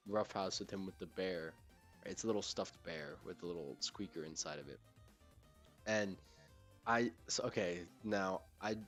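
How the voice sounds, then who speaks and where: A young man chats loosely on a podcast, stopping and restarting his thoughts. His voice sits a little low. Faint music plays behind him. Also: a bit bright. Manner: rambling and laid-back, with lots of fillers and restarts. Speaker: podcast host. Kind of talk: casual chat.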